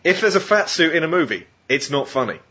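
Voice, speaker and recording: A man hosting a casual podcast chat, animated and sweary as he reads out rules. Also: fairly high pitch, a little fast, a little hiss or hum. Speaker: podcast host. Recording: muffled lo-fi podcast audio.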